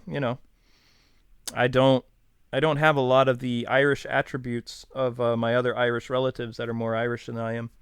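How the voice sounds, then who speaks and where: A man's voice: mid-range voice, fairly bright tone, clear, resonant tone, no room sound. A man in his thirties from New York, hosting a casual live stream and chatting in a rambling, self-deprecating, jokey way. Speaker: streamer host.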